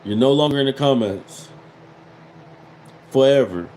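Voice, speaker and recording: A man's voice: medium pitch, measured pace, a little mellow, a little hiss or hum, rough recording. A man in his thirties hosting a casual livestream, reading viewer comments and mocking them with repeated catchphrases. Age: 30s. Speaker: livestream host.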